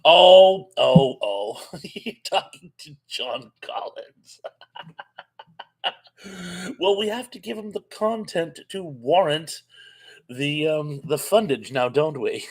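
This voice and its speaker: Brief: male host of a live chat, chatty, answering comments one by one. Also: mid-range voice. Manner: chatty, reads viewer comments aloud and answers them with quick asides.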